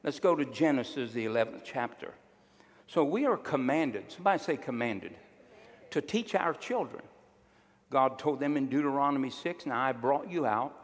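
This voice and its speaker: A man's voice: mid-range voice, lively intonation, moderate pace, in a large hall. A male pastor preaching a sermon, emphatic and drawing call-and-response from his congregation.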